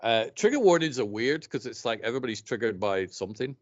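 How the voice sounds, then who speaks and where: A man's voice: mid-range voice, lively intonation, fast talker, lo-fi sound. A man in his fifties from Scotland with an accent mixed between Scottish and English, chatting casually as a podcast co-host and laughing often. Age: 50s. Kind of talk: casual chat.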